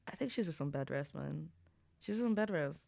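A young woman from the UK co-hosting a podcast in casual chat, animated and blunt and swearing freely. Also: low-pitched, fairly quick, gravelly, no echo. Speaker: podcast co-host.

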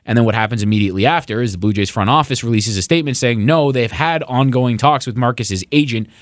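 A man's voice: medium pitch, quick pace, dry recording, clean studio sound. A young man co-hosting a sports podcast, ranting sarcastically and swearing as he builds up heat. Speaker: podcast co-host. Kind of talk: casual sports podcast rant.

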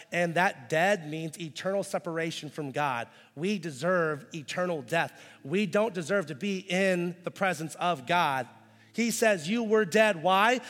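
A male pastor delivers a sermon with a fairly high voice. He drops to a hushed intensity, then rises into loud, impassioned pleading as he acts out voices. A long church-hall reverb trails behind every phrase.

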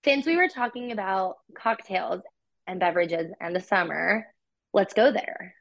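A woman co-hosts a casual podcast, chatting playfully and filling her talk with likes and ums. Her voice sits at an ordinary pitch. The recording is a bit dull and lo-fi. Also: a little slow. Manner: chatty, playful, lots of fillers. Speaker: podcast co-host. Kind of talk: casual chat.

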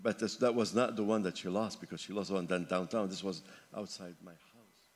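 A man in his seventies from Lebanon, preaching a sermon as pastor, rising fervently and then dropping quiet for personal stories. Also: deep voice, steady tone, fairly quick. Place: church sanctuary. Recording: long hall reverb with faint music.

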